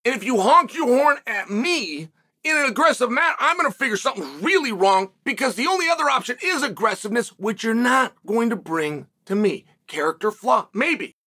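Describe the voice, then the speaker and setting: A middle-aged man hosting his own show, telling a story in a casual studio monologue and acting out the shouting he heard. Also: extremely high pitch, fairly quick, slightly rough. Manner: animated, acts out shouted quotes. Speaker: show host.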